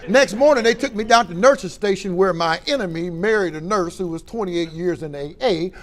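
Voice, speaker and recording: A middle-aged man from Ohio, giving a plain-spoken personal testimony at a recovery meeting, swinging between loud and quiet. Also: sits high, moderate pace. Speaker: recovery speaker.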